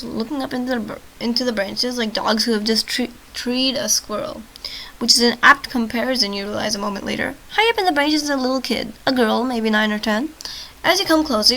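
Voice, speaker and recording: Girl reading a text game out loud, bright punchy voice, chatty little asides, keeps tripping on words. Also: a little high, slight background noise, poor audio. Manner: chatty, self-mocking, often trips over words and laughs it off. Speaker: let's-play host reading a text game aloud. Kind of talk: reading an interactive story aloud with chatty asides.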